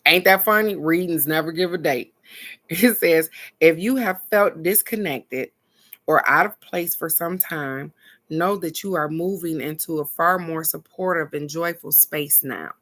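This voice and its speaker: A woman's voice: low-pitched, unhurried, fairly bright tone. A woman hosting a casual live oracle card reading, chatting with viewers, laughing often and reading each card's text aloud.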